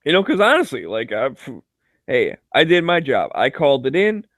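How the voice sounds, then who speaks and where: A man's voice: fairly high pitch, very animated, moderate pace, fairly bright tone, no echo, studio quality. A man in casual chat, telling joking, profane stories full of filler words and frequent laughter. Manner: loose filler-heavy delivery with many "like"s. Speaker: chat regular.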